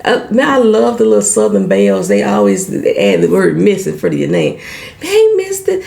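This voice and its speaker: Animated woman with gravelly fry. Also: lowish voice, a little fast. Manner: animated and salty, swears freely, acts out lines. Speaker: TV show recap vlogger. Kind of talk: casual show recap.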